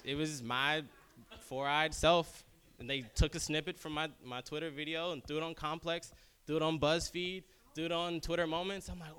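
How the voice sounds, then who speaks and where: A man's voice: moderate pace, smooth. A young man casually telling a personal story, acting out other people's lines in raised voices and laughing often. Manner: animated, acts out quotes in high voices, laughs often.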